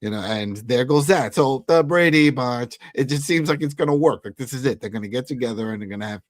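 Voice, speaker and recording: A man co-hosting a casual TV recap, speaking in a relaxed, conversational way as he speculates about the episode. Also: medium pitch, a little fast, no room sound, studio quality. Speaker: podcast co-host.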